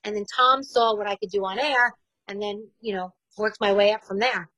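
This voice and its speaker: A woman's voice: mid-range voice, steady tone, normal speed, pushed and bright, no room sound, low-quality recording. A woman in her forties with a New York accent, a radio host talking candidly and chattily in an interview, laughing easily. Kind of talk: casual interview chat.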